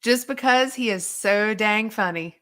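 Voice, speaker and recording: A young woman hosts a casual online chat and answers viewer questions. She talks in a chatty, rambling way, full of fillers and restarts, at an ordinary middle pitch. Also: a little slow, fairly bright tone. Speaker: host and diet coach.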